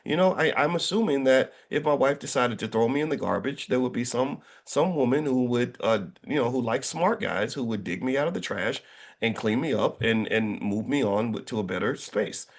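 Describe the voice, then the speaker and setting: A middle-aged man talking casually to an audience, an animated storyteller who jokes and restarts his sentences often. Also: medium pitch, moderate pace. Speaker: finance educator and speaker.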